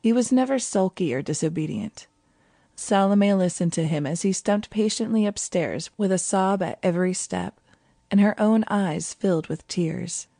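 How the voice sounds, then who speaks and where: Female audiobook narrator; calm, mellow, lower-pitched read, dry close sound. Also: moderate pace, gravelly, dry recording. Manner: calm, even storytelling. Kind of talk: scripted narration.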